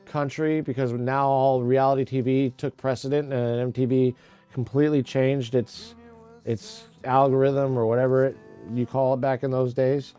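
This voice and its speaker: A man's voice: mid-range voice, warm tone. A middle-aged man chatting casually on a livestream, rambling and joking crudely. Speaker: livestream host.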